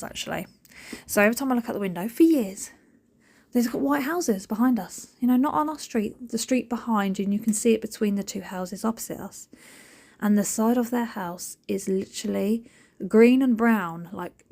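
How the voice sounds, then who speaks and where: A woman, rambling in a jokey, animated way as she talks over her cleaning video. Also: medium pitch, fairly quick. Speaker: cleaning vlogger. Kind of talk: chatty voiceover.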